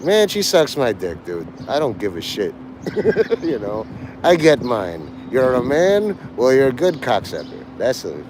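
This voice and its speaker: A man's voice: mid-range voice, wildly swooping pitch, a little slow, background noise. A man livestreaming to a chat, rambling crudely from joke to joke and breaking into laughter. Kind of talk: rambling live-stream chat.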